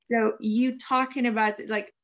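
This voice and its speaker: A woman's voice: a little high, flat delivery, measured pace, muffled recording. A woman born and raised in Russia, hosting an interview and responding with emotion to her guest's story. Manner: warm, emotional, affirming listener. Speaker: host. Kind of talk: interview conversation.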